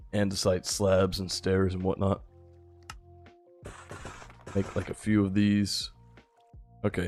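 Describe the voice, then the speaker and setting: A tired young man giving relaxed, rambling live-stream commentary while he plays, chatting with his viewers. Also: deep voice. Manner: laid-back, rambling, chats with viewers. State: a little tired. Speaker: gaming streamer.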